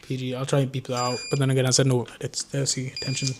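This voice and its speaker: A young man with a Geordie accent that slides toward southern English. He talks at an ordinary middle pitch in a loose, rambling, self-mocking way, chatting to his viewers indoors. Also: completely flat delivery, fast talker, very noisy. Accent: Geordie mixed with southern English. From North East England. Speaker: drone vlogger. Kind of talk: casual unscripted chat to camera.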